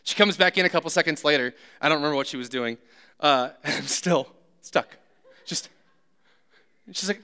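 A man's voice: fairly high pitch, moderate pace, pauses often, bright, forceful tone, smooth. A man preaching a sermon who tells humorous, self-deprecating stories. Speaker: pastor.

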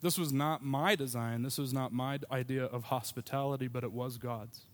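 A man preaches a sermon in an easy, storytelling way, breaking off now and then for quick asides. His voice sits at a middle pitch. He sounds like a pastor telling his congregation about his own life. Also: fairly even intonation.

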